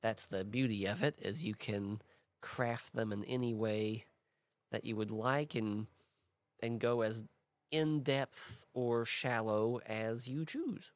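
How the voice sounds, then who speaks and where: A man's voice: medium pitch, takes it slowly, no room sound. A man hosting a casual worldbuilding talk, thinking aloud in a rambling way with restarts and small laughs. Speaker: host.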